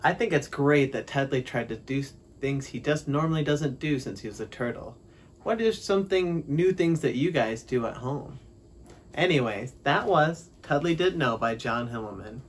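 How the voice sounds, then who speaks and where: A man reading a children's story aloud, gentle and expressive, talking to young listeners. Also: medium pitch, normal speed, a little hiss or hum. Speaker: storybook reader.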